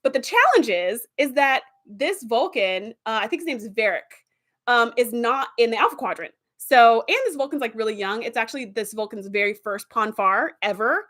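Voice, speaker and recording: A woman's voice: on the high side, normal speed. A woman hosting a casual review video who retells TV episode plots with lots of fillers. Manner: animated plot retelling with many fillers. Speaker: video host.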